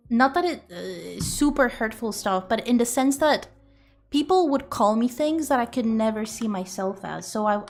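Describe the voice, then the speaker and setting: A young woman streaming, chatting casually and rambling with giggles and loose swearing. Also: a little high. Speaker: streamer and artist.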